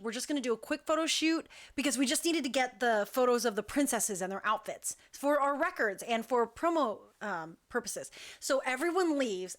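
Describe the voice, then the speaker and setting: Chatty high-voiced young woman. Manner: chatty, animated, quotes people in a lowered voice. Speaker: talk show host. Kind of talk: casual storytelling.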